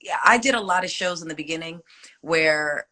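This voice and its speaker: Bright-voiced woman singer, reflective. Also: deep voice, moderate pace. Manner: reflective, loose with many fillers. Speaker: singer guest. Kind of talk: casual interview chat.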